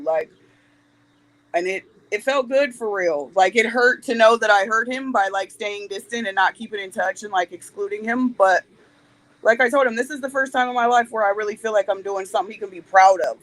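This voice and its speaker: A woman's voice: medium pitch, fairly quick, poor audio. A woman in her forties, a podcast guest speaking candidly in a blunt, plain-spoken way and swearing freely. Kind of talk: candid interview talk.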